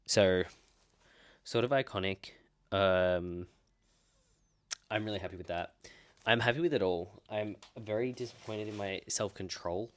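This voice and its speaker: Young Australian guy, 20s, very low voice, chatty self-deprecating book vlogger. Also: measured pace, pauses often. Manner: chatty, rambling, self-mocking. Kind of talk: casual book haul chat.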